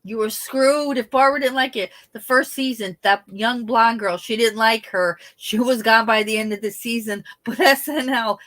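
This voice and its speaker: Chatty, animated woman. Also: normal speed, few pauses. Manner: chatty, animated, laughs often, trails off into sad lows. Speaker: livestream host. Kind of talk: casual livestream chat.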